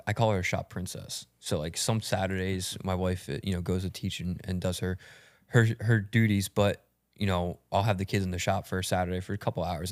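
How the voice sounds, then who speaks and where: A male podcast host with a very deep voice that hardly rises or falls. He talks at a steady, measured pace. The sound is dry and close, with no room echo. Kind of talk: casual podcast conversation.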